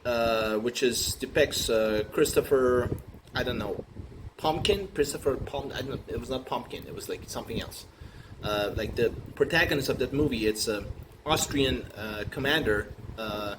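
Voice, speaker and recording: A man riffing through an improvised comic monologue, rambling and halting with many fillers and restarts. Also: mid-range voice. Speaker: comedian. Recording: noisy recording with room ambience.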